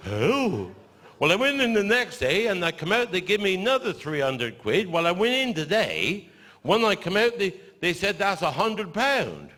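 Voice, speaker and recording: An older man with a Cornish accent telling stand-up stories, with dry deadpan asides after each punchline. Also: high-pitched, normal speed. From Cornwall. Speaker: stand-up comedian. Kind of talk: stand-up storytelling. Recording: live show in a large hall with audience laughter.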